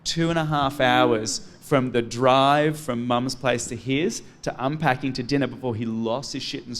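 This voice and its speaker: A theatrical, camp man hosts a podcast in front of a live audience. His voice sits at a middle pitch, and he tells his stories with plenty of flair. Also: normal speed, hardly any pauses, soft background music. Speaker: podcast host.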